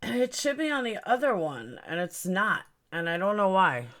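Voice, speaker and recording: A woman's voice: medium pitch, very animated, moderate pace, a bit bright. A woman hosting a casual livestream, rambling about her stream settings and greeting viewers by name. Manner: puzzled, fiddling with stream settings. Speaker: livestream host.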